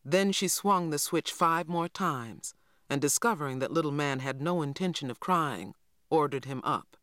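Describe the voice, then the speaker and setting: A woman narrating an audiobook in a measured, even reading. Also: deep voice, dry recording, studio quality. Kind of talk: scripted narration.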